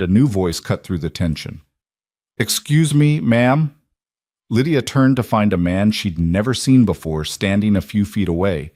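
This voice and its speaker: A man reading a western romance story in an even, unhurried storytelling voice. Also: lowish voice, no echo, studio quality. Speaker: narrator. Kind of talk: scripted audiobook narration.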